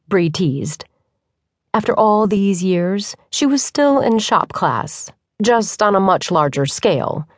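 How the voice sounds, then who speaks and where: A woman's voice: mid-range voice, expressive, slow pace, no echo. Woman narrating a romance audiobook, dry and close. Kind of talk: scripted narration.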